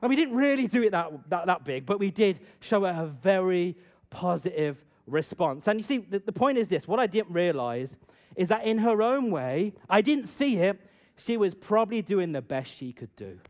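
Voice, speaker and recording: A middle-aged man telling a personal story to an audience and drawing a lesson from it, swinging from loud bursts to hushed asides. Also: sits high, big pitch swings, moderate pace. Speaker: speaker addressing an audience. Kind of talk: storytelling talk with a moral.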